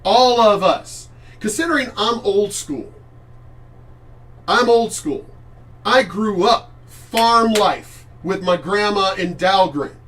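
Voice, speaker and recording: A middle-aged man vents on a livestream in a heated, profane rant. His voice sits high for a man. He talks from a little way back, so the sound sits at a distance from the mic. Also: a bit bright. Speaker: vlogger. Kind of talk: ranting live-stream monologue.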